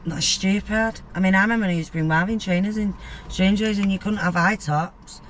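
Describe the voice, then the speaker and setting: A man with a somewhat higher voice than most men fires off questions and teasing quips in a relaxed chat. His voice is set against a faint background of noise. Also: a little fast. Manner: asks questions, teasing interjections. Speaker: co-host. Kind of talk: casual chat.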